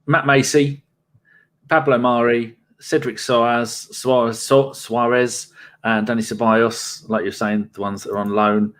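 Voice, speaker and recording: A man hosting a casual football podcast at a middling pitch. He talks briskly and wryly and swears freely as he moves the show along. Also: little pitch movement, fairly bright tone. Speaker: stand-in podcast host.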